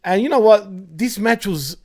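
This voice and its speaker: A man hosting a casual wrestling review podcast, laughing often and swearing freely in a loose, excitable way. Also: high-pitched, normal speed. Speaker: podcast host.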